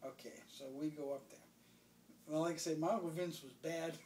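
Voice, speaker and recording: A man with a slightly high, darkish voice tells a funny family story from his childhood in casual conversation, speaking briskly with fairly even intonation and laughing often. The room is echoey, and the distant mic picks up faint background noise.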